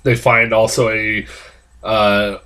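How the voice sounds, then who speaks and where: A man's voice: fairly low pitch, little pitch movement, slow, sharp tone, clear, resonant tone. A man with a stuffed-up nose giving a rambling, profane, casual film review full of fillers.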